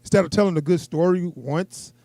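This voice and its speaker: A male podcast co-host with a slightly high voice chats casually at a fairly quick pace, growing animated whenever he imitates other people. The sound is close and dry, with no echo.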